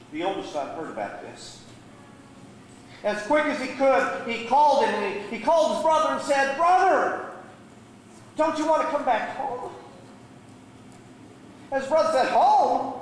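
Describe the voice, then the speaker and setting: A man's voice: high-pitched, recorded from a distance, slight background noise. A man, a guest preacher, telling a sermon story with dramatic, varied delivery in a church sanctuary. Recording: echoey church hall.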